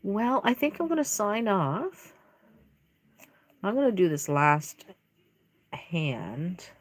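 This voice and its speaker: A woman's voice: medium pitch, big pitch swings, slow pace. A woman chatting casually and emotionally on a livestream from her home craft room while she paints, rambling with many fillers. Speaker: reborn doll artist livestreaming. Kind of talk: casual live-stream chat while painting.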